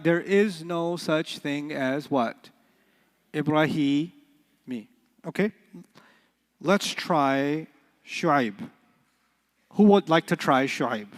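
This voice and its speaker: A man teaching an Arabic class in a lively, playful way, joking and quizzing his students. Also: sits high. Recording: long hall reverb.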